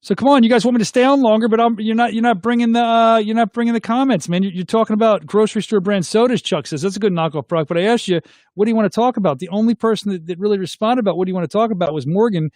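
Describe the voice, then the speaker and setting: Racing through a casual live chat, a middle-aged man reads viewer comments out loud and throws questions back at his audience. His voice is fairly high for a man and a little mellow, recorded close and dry with no room sound.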